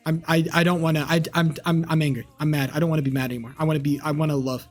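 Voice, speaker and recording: A man's voice: a little high, flat delivery, racing, faint music behind. A man in his twenties, a streamer, ranting angrily at his live chat with lots of swearing and repetition. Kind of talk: heated rant to live chat.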